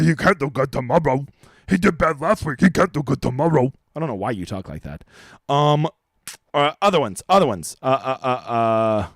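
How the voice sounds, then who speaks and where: A man's voice: fairly high pitch, dry recording. A man hosting a live stream of fantasy golf picks, talking in a brash, profane, joking way. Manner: brash, profane, jokey trash talk.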